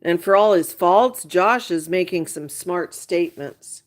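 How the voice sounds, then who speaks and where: This woman's voice is on the low side and unhurried as she hosts a live stream. She chats and gossips with viewers, tossing in exasperated remarks along the way.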